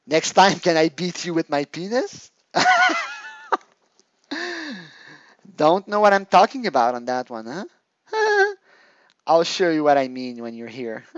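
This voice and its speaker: A man doing a low, mumbling lovesick boyfriend. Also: wildly swooping pitch, a little slow, dry recording, lo-fi sound. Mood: suggestive. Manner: low, mumbling, mushy and sickly. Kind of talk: comedic dramatic reading of chat logs.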